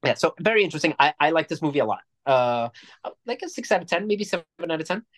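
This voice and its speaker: A man's voice: a little high, lively intonation, fast talker, fairly bright tone. A man co-hosting a podcast, chatting casually about movies in a rambling, jokey way. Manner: rambling, jokey, restarts often. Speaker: podcast co-host. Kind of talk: casual movie review chat.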